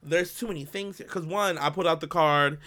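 He co-hosts a podcast, his voice a little high and his pace a little fast. In casual conversation he tells a story with animation, laughing often and playing out people's words.

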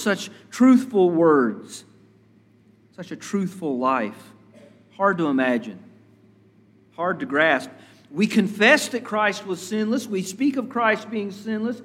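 A man preaching a sermon as a pastor, measured and deliberate, building emphasis through repetition. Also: high voice, fairly bright tone, big-room sound.

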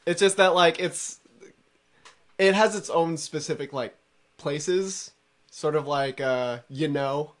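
Man, slight canadian accent, podcast guest, laid-back, hesitant, slightly high voice. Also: slow, pauses often. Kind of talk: casual chat.

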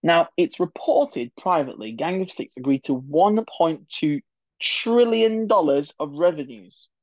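A man's voice: a little high, animated, unhurried, no room sound, muffled recording. A man hosting a solo political history podcast, chatty and opinionated, with many digressions and asides. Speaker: podcast host.

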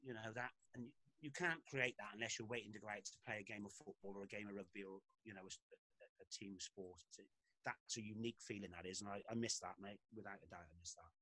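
A man, a former footballer and podcast guest, telling lively anecdotes with frequent laughs in casual talk. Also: on the low side, quick pace, no echo, rough recording.

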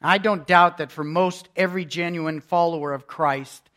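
A man pastor preaching a sermon, emphatic, with loudness that swells and drops. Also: a little high, fairly even intonation, moderate pace.

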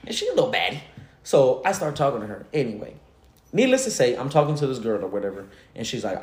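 A man's voice: mid-range voice, very animated, quick pace, a little mellow, echoey room. Slangy, laughing man in his late twenties. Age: late 20s. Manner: slangy, laughs through the story. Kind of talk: casual storytelling.

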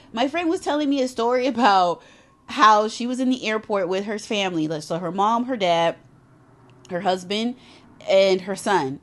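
A woman's voice: medium pitch, normal speed. A woman giving a motivational talk on self-love, emphatic and conversational, with casual asides and repetition for emphasis. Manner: emphatic, conversational, drops into animated character voices for retold quotes. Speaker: self-help speaker.

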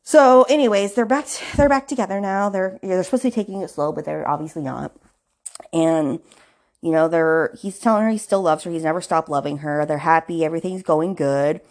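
A woman's voice: lowish voice, a little fast, a little mellow. A woman podcast host casually recapping a novel's plot, full of "like" and "you know" fillers, with indignant asides. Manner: chatty, filler-heavy retelling.

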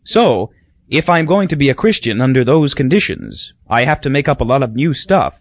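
A man's voice: mid-range voice, big pitch swings, moderate pace, no room sound, pitched above the performer's own voice. A man voicing an eccentric male self-made preacher speaking a thick made-up island dialect. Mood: earnest. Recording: dull dry lo-fi recording.

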